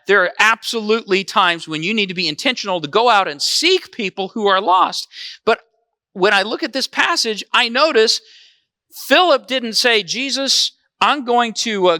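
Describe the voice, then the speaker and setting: A man's voice: sits high, moderate pace, bright, forceful tone, dry recording, clean studio sound. A man preaching a conversational sermon as pastor, often asking the congregation questions.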